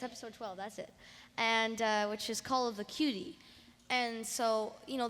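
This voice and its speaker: A woman's voice: medium pitch, a bit bright. A teenage voice actress speaking on a convention panel, rambling and restarting her sentences. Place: convention hall. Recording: echoey convention hall.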